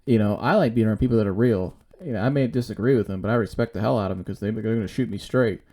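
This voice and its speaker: Male podcast host, low mellow voice, blunt, repetitive solo talk. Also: rapid-fire. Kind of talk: casual solo monologue.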